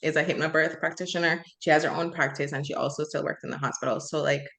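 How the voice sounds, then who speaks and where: A woman's voice: deep voice, steady tone, quick pace, gravelly, a bit bright. Young woman co-host, earnest and impassioned, casual talk. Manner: earnest, impassioned, many fillers. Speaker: podcast co-host. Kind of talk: casual chat.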